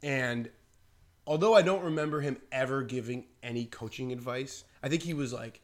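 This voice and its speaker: A man's voice: mid-range voice, normal speed. A man co-hosting a podcast, telling stories casually and animatedly, saying "like" often. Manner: animated, acts out quotes, says "like" often. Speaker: podcast co-host. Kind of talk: casual storytelling chat.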